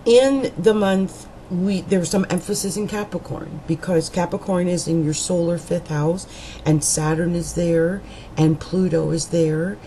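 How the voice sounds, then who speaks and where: A woman's voice: lowish voice, fairly even intonation, a little slow, warm tone, slight background noise, rough recording. A woman astrologer giving a monthly horoscope reading in a chatty, meandering way, with frequent fillers and restarts.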